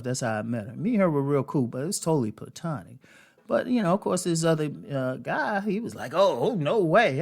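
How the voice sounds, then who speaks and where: A man's voice: on the high side, gravelly. Chatty man giving relationship advice. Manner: conversational, storytelling, frequent fillers and laughs. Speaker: host. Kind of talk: casual advice monologue.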